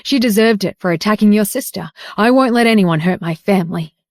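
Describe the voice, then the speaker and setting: A woman voicing a vicious older grandmother who scolds loudly and harshly. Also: medium pitch, fairly quick, dry recording, studio quality, close to an everyday voice. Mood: indignant.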